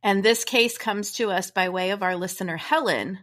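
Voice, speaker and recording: An American woman hosting a true-crime podcast in a relaxed, chatty way. Her voice sits in a middle register, and she keeps a friendly, upbeat storytelling flow. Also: mid-range voice, normal speed. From United States. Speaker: podcast co-host.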